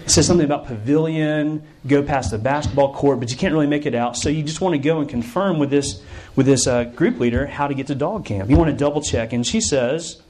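Brief: male camp preacher, story-driven sermon, animated delivery. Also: brisk, poor audio. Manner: animated storyteller, lively shifts in pitch.

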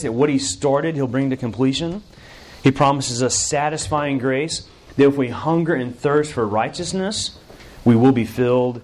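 A middle-aged man preaching a sermon in a conversational, self-deprecating way, with many fillers. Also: mid-range voice. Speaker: campus minister.

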